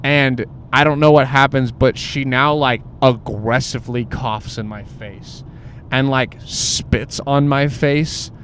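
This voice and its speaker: A man's voice: medium pitch, fairly even intonation, slow pace, fairly bright tone, slight background noise. A young man casually telling a crude personal story, rambling with lots of "like" and "bro". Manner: rambling, filler-heavy, says "like" and "bro" constantly.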